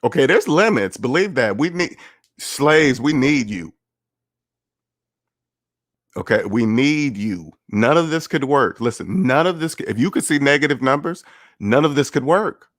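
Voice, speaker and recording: A man's voice: mid-range voice, expressive, a little slow, a bit bright, no echo, studio quality. A man giving casual livestream commentary on personal finance, blunt and sarcastic, repeating his points.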